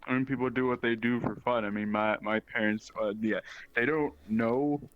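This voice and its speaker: A young male streamer talks in a loose, rambling way with lots of fillers and restarts. His voice sits at a middle pitch. The sound is a little dull and muffled. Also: steady tone, moderate pace, no room sound. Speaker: guest streamer. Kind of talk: casual chat.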